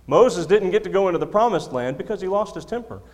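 In a church sanctuary full of long hall reverb, a man preaches to his congregation through a handheld or stand microphone. He talks fast in a high, expressive, slightly mellow voice, emphatic and repeating key lines, with humor at his own expense.

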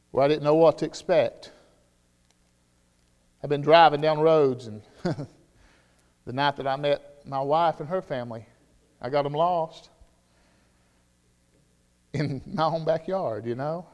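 A man with a Southern US accent preaching a sermon, shifting between loud, shouted declarations and quiet, conversational storytelling. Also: a little high. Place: church sanctuary. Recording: long reverb of a church hall.

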